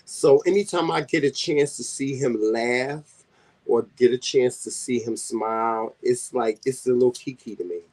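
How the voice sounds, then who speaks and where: A man with a Southern US accent, hosting a casual vlog chat and telling teasing stories in an animated way. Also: medium pitch, normal speed, low-quality recording. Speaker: vlog host.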